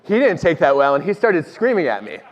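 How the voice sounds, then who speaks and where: Animated man in a reverberant hall. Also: a little high, a little fast, some chatter behind. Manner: animated storytelling, self-deprecating humor. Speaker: organizational psychologist guest speaker. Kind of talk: conversational talk on stage. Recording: dull audio with long hall reverb.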